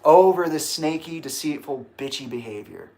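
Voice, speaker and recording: A man ranting casually on a livestream, swearing and emphatic, with sudden bursts of shouting. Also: a little high, expressive, moderate pace, slight background noise. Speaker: livestream host.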